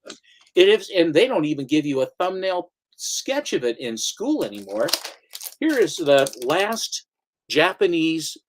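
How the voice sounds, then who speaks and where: A man's voice: a little high, very animated, unhurried, noisy background. Rambling male comic shop host. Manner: rambling storyteller, restarts, slips into comic voices. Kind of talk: casual chat.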